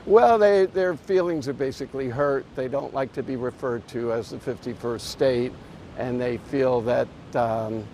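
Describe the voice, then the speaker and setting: Hotel owner guy talking slow and careful, little pauses, faint outdoor noise. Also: medium pitch, a little mellow. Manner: thoughtful, hesitant. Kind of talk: interview soundbite.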